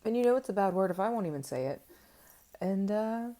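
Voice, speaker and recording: A woman's voice: medium pitch, lively intonation, a little fast, warm tone. A woman in her thirties telling a candid, self-mocking story to camera in a casual chat, with lots of fillers. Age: 30s. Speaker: vlogger.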